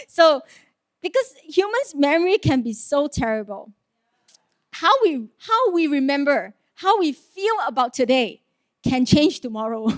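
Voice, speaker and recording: A woman's voice: sits high, big pitch swings, a little slow, no room sound, studio quality. A woman preaching a sermon in an earnest, conversational way, asking rhetorical questions and laughing lightly.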